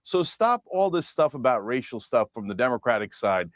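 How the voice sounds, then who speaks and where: A man making his case forcefully as a debate guest. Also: medium pitch, very animated, moderate pace, no echo, studio quality. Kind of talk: televised political debate.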